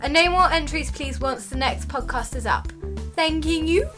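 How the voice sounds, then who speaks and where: A woman's voice: high voice, moderate pace, music in the background. A woman co-hosting a podcast in casual chat, answering listeners with playful, sarcastic teasing. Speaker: podcast co-host.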